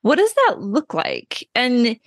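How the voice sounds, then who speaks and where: A woman's voice: a little high, wildly swooping pitch, takes it slowly, no room sound, clean studio sound. Upbeat woman hosting a podcast. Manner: upbeat, chatty and enthusiastic. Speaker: podcast host and parent coach. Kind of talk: casual podcast interview.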